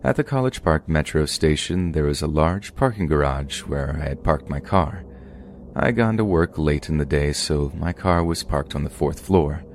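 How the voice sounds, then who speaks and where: A man hosting a podcast, reading submitted true scary stories aloud in a steady, measured way. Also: very deep voice, slight background noise. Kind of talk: scripted horror story narration.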